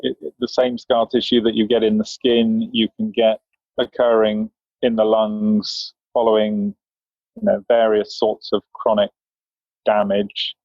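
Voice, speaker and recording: A British man in his fifties, a physician answering interview questions in a measured, dry, understated way. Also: on the low side, flat delivery, a little mellow, dry recording, muffled recording. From England. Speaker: guest physician.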